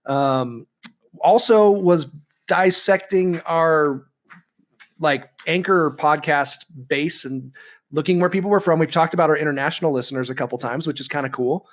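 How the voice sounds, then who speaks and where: A man's voice: on the high side, moderate pace. A man co-hosting a casual podcast, rambling and chatty with lots of ums and restarts. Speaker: podcast co-host.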